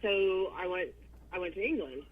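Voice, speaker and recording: A woman's voice: on the low side, lively intonation, normal speed, narrow, tinny audio. A woman guest in a casual interview chat, speaking bluntly and with profanity over a video call. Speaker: wrestling guest.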